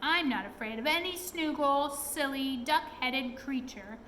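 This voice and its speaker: A bold little male pixie with a fiery temper and a defiant bite, voiced by a woman reading a storybook aloud. The voice sits high and bright. It scolds and boasts with quick-tempered indignation. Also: lively intonation, slight background noise, exaggerated voice. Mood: furious.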